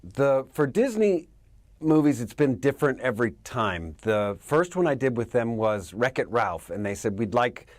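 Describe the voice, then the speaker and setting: A man, an actor, answering interview questions in an animated way, laughing often and dropping into character voices. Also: mid-range voice, normal speed, no room sound.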